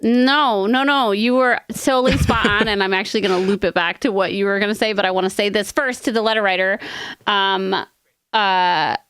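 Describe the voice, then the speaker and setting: A woman co-hosting an advice podcast, talking in an earnest, rambling way with quick asides. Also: medium pitch, steady tone, fairly bright tone, clean tone, dry recording, clean studio sound. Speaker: podcast co-host. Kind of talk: casual advice chat.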